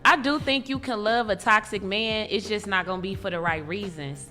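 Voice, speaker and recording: A woman's voice: medium pitch, normal speed, pushed and bright. A woman guest giving her frank opinions in casual talk-show chat, often trailing off and restarting her sentences. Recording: reverberant room with music behind.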